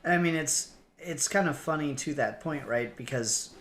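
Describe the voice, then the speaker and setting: A man co-hosting a podcast in casual chat, animated, acting out bits in quick bursts. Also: a little high, faint music behind. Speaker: podcast co-host.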